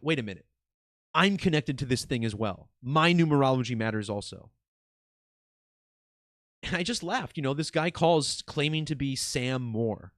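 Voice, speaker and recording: A man talks straight to his viewers in a loose, chatty monologue, his pitch bouncing up and down as he gets worked up. He drops the odd swear word without a second thought. The sound is dry and close, with no room around it. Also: no echo. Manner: excited, conversational, swears casually. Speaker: video host.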